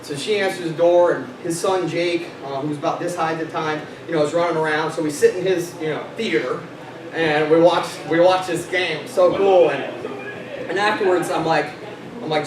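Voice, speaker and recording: Animated man telling a story in an echoey room. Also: a little high, normal speed, a crowd in the background. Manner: animated storytelling, acts out dialogue, laughs often. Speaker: sales company vice president giving a talk. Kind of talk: motivational speech to a sales team. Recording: echoey room, distant mic, noisy.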